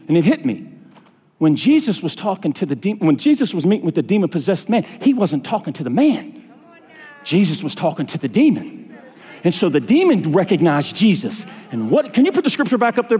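A man preaching a sermon as pastor, telling stories with fervor that climbs to high, intense peaks. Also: fast, breathy edge, big-room sound. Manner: animated storytelling preacher, rising to high fervent peaks.

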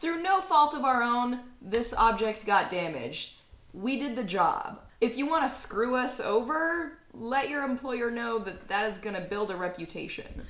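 A woman's voice: on the high side, expressive, measured pace, a bit bright. A woman player arguing her case in character in a firm, dry way. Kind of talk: in-character tabletop role-play. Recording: roomy echo.

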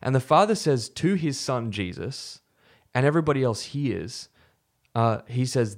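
Relaxed man telling a faith story. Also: mid-range voice, measured pace. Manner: relaxed and storytelling, with fillers and self-corrections. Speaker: podcast co-host. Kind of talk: conversational faith podcast teaching.

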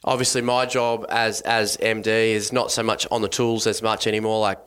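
A man's voice: on the low side, flat delivery, normal speed, fairly bright tone, clear, resonant tone. Australian man, thirties, podcast guest, loose rambling chat. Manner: chatty, full of restarts and laughs. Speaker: podcast guest, business director. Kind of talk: casual chat.

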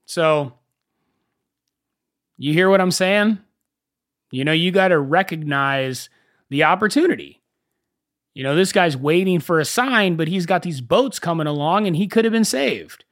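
A young man hosting a casual solo podcast, telling stories in an animated way and swearing freely. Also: a little high, measured pace, long pauses, dry recording, clean studio sound. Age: young adult. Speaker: podcast host.

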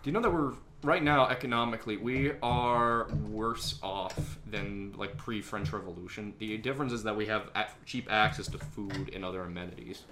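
A man's voice: fairly low pitch, moderate pace, hardly any pauses, sharp tone, slight background noise. Profane young man ranting on a podcast. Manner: profane, rambling, complaining. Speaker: podcast host and editor. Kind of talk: casual podcast chat.

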